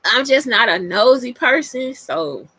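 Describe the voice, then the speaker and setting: Woman host, higher voice, blunt and profane, dry close sound. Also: lively intonation, a little slow, sharp tone, husky, no echo. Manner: blunt and profane, talks straight to listeners. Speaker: podcast host. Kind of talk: casual monologue answering listener questions.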